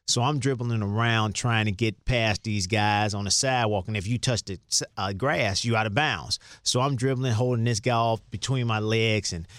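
In a relaxed interview, a middle-aged man who used to play basketball spins loose, wandering stories about the game, repeating himself and laughing now and then. His voice sits in the mid range, and the clean studio recording has no echo.

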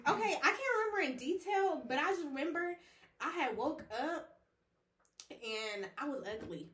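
A woman chatting on a podcast with friends, her voice high and bright and full of swings in pitch. She laughs often and swears freely. The room is echoey, with a faint hiss behind her. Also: lively intonation, normal speed. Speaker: podcast co-host. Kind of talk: casual chat.

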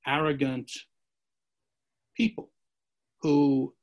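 A man's voice: mid-range voice, flat delivery, very slow, dull audio. A man telling rambling martial arts anecdotes in a casual chat, acting out the quotes. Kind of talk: casual storytelling.

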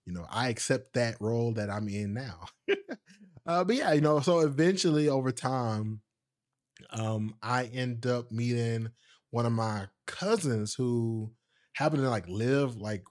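A man hosting his own podcast, telling a personal story in a casual, animated way, with frequent laughs and asides to his listeners. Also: medium pitch. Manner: speaks straight to listeners. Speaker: podcast host.

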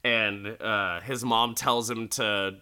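A man's voice: fairly low pitch, fairly even intonation, slow pace, bright, forceful tone, clean tone. A man casually recapping a TV episode with chatty, crude, laughing asides. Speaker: podcast host recapping an episode.

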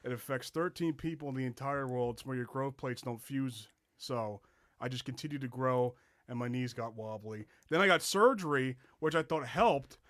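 A man's voice: medium pitch, moderate pace, a bit bright, no echo. A man who is the comedian guest on a comedy podcast, telling self-deprecating stories in casual banter.

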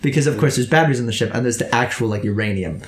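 A man narrating a tabletop game as game master, laughing often and jumping into squeaky character voices. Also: racing, roomy sound, a crowd in the background.

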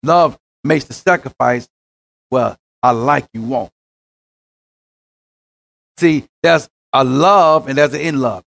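A man preaching a sermon as pastor, rising into shouts and then dropping to near hushes. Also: medium pitch, takes it slowly, gravelly, long pauses. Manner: preaching with rising shouts and sudden quiet drops.

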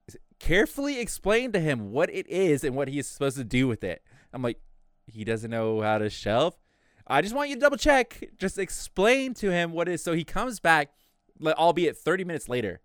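A man's voice: on the high side, clear, resonant tone, no echo, clean studio sound. A young man telling a work story in casual chat, swearing freely and acting out what others said. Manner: animated, profane, acts out quotes.

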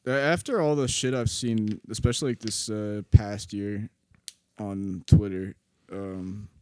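Laid-back, low-voiced male podcast host. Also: steady tone, measured pace, warm tone, no echo. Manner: laid-back, hesitant with fillers, swears. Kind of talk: casual chat.

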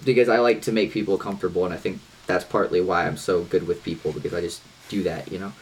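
Lively low-voiced Midwestern man. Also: fast talker, a little hiss or hum. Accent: Midwestern American. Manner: animated, swearing, shifts voice up when quoting people. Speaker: podcast co-host. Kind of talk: casual chat.

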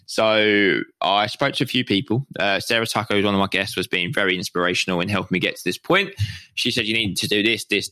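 Excited British man with a low, bright voice. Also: dry recording. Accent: British English. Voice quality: slight lisp. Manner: excited and sweary, calls his own voice a bit whiny. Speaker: podcast host. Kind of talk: rambling solo podcast chat.

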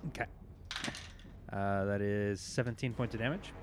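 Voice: low voice, steady tone, moderate pace, music in the background. A player in a tabletop game, playful and laughing while rolling attacks. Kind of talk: casual tabletop game play.

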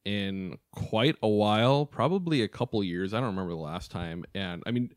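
A man's voice: lowish voice, animated, moderate pace, no echo. A young man co-hosting a sports podcast from his apartment studio, candid and self-mocking, trailing off and restarting. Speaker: podcast co-host. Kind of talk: casual sports podcast chat.

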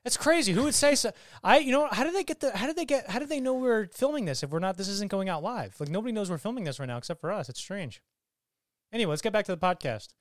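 A man co-hosting a movie review podcast, joking and energetic in casual chat. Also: high voice, quick pace, no room sound, clean studio sound. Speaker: podcast co-host.

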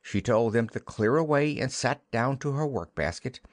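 A man narrating a classic children's novel as an audiobook, in an expressive storytelling manner. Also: mid-range voice, moderate pace, no echo.

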